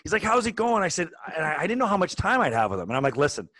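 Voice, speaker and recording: A man in his forties, a podcast co-host, telling a long casual story with lots of restarts and animated asides. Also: high-pitched, rapid-fire, no room sound. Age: 40s. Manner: animated, rambling with many restarts.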